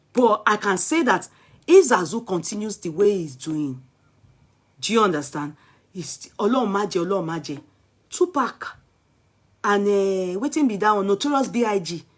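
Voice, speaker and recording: Somewhat low and slightly bright, a woman's voice carries a Nigerian accent as she vlogs casual, emphatic celebrity commentary. She's chatty, hopping freely among English, Yoruba and Pidgin.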